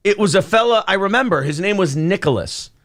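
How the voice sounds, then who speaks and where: A man in his forties hosting a casual morning show, telling a long deadpan joke full of fillers and reading out chat comments. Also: sits high, brisk, no room sound, clean studio sound.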